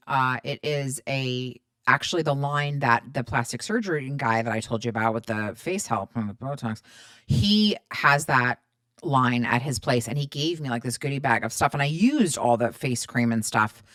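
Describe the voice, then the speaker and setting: A woman in her thirties hosts her own podcast, talking low and chatty as she swears freely and acts out both sides of her stories. The sound is dry and close, with no room around it. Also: animated, moderate pace, fairly bright tone, no echo. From Middle Eastern background. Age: 30s. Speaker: podcast host. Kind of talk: casual storytelling monologue.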